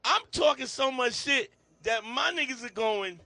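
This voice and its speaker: A middle-aged man co-hosting a podcast, telling a loud, profane story and acting out the voices in it. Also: very high-pitched, animated, a little slow, no room sound. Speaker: podcast co-host. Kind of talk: casual storytelling chat.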